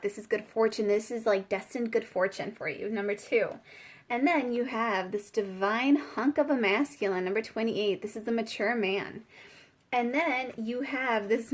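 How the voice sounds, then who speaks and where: A woman giving a casual spiritual tarot reading, chatty and giggly, with many fillers. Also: on the high side. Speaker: tarot reader.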